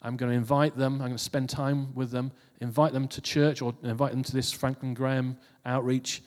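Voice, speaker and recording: A preacher with a mid-range, slightly mellow voice speaks briskly and with a flat delivery. He gives his congregation an informal, conversational sermon full of repeated and restarted phrases, recorded with long hall reverb.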